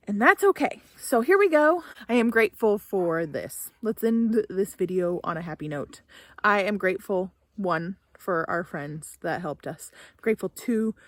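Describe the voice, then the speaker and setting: A young woman vlogging from her barn, talking casually to the camera and her cow, emotional and tearful at times. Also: mid-range voice. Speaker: homesteader vlogger. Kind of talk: casual vlog talk to camera.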